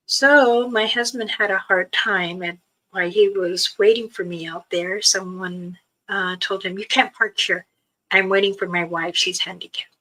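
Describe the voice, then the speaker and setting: A woman's voice: medium pitch, steady tone, a little slow, bright, forceful tone, low-quality recording. A woman hosting a casual livestream, chatting about a trip with frequent laughs and reading viewer comments aloud. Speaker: livestream host. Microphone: streaming setup.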